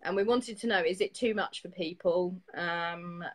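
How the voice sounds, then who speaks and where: A woman hosting a poetry show, reading poems in a steady, even way and chatting briskly with her co-host. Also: on the low side, low-quality recording. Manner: steady, even reading with quick laughs in chat. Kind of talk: casual chat and reading poetry aloud.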